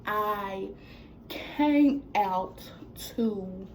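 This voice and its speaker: A woman's voice: mid-range voice, drawn-out words, a little hiss or hum, low-quality recording. Young woman telling a casual storytime. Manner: casual, animated retelling with quoted dialogue. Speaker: vlogger. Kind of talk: storytime vlog.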